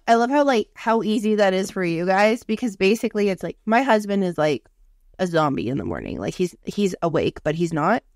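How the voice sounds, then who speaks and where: A woman's voice: mid-range voice, lively intonation, a little fast, darkish tone, dry recording. Dry-sounding woman chatting casually. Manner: chatty, swears freely, lots of "like". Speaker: podcast co-host. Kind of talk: casual chat. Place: lives in Canada.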